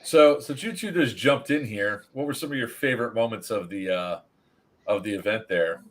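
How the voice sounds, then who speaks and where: A man hosting a casual livestream, lively and laughing. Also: on the low side. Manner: lively, laughing, quick asides. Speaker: stream host.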